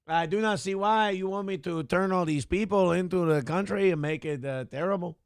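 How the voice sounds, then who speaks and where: A man doing an impression of a gruff older male politician who mocks the press. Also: mid-range voice, brisk, no room sound, studio quality, pitched below the performer's own voice, close to an everyday voice. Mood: mock-French.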